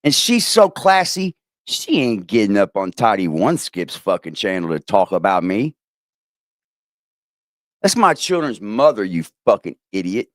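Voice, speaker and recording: A man ranting profanely as host of a livestream, swinging from low growls to sharp highs. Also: sing-song, unhurried, dry recording, studio quality. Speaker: streamer host. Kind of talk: heated livestream rant.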